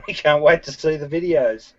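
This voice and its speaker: A man's voice: on the high side, wildly swooping pitch, a little slow, crowd noise. A man, hosting casual banter on a video call, teasing and laughing often. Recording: dull lo-fi video call audio.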